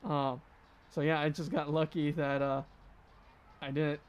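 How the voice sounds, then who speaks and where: A man's voice: a little high, measured pace, clear, resonant tone, lo-fi sound. A young man in his twenties, co-hosting a podcast, telling a story in casual chat and acting out what others said. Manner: animated, laughing storyteller acting out quotes. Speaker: podcast co-host.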